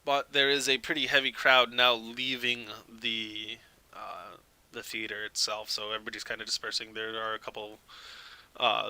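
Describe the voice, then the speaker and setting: A man's voice: medium pitch, pushed and bright, smooth, poor audio. A man narrating as dungeon master in a tabletop game, casual with lots of filler words and laughs, on a close mic.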